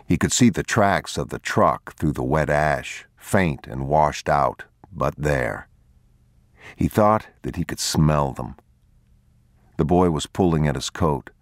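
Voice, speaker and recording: A man with a very deep voice reading a story aloud, grave and measured, never rushing a line. The read is dry and close, with no room around it. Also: lively intonation, dry recording. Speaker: narrator. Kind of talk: audiobook narration.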